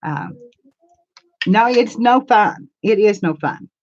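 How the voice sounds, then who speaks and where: A woman's voice: medium pitch, animated, slow pace, a little mellow, lo-fi sound. An older woman hosting a crafts channel, chatting in a rambling, homey way and answering viewers' comments on a live stream. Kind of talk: casual live-stream chat. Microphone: camera mic.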